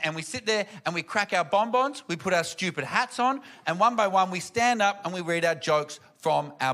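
A man doing stand-up, telling animated family stories and acting out the people in them. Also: high voice. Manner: animated, acts out family members in loud voices. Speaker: stand-up comedian. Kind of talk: stand-up storytelling. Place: comedy venue with audience.

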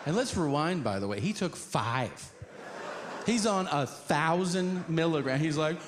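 A man telling a stand-up story, acting out characters in shrieking high voices and talking in profane, fast bursts. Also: expressive, noisy background. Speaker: stand-up comedian.

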